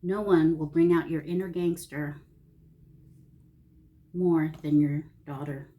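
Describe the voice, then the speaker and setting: A middle-aged woman with a drawl talks in a low, mellow voice. She chats casually and reflectively for her vlog, softly and from the heart, sometimes dropping almost to a whisper. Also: fairly even intonation, slow. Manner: soft-spoken and heartfelt, often dropping to a near whisper. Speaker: vlogger.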